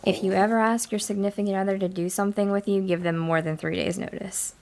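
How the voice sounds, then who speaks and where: A woman's voice: medium pitch, fairly even intonation, fast, gravelly, darkish tone. A woman co-hosting a podcast in casual chat, telling stories in a wry, matter-of-fact way. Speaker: podcast co-host.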